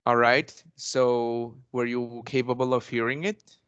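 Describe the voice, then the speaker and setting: In an English lesson role-play, a young Spanish-speaking man from Mexico acts as teacher, unhurried and with little pitch movement at an average male pitch. His tone is fairly bright, clear and resonant, and his speech formal and polite, padded with "actually" and restarts. The audio is dry and close with almost no echo, though muffled.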